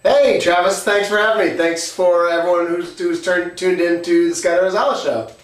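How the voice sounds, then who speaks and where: A man hosting a podcast who tells a story casually, halting often with filler sounds. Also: sits high, steady tone. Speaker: podcast host. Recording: roomy, distant from the mic.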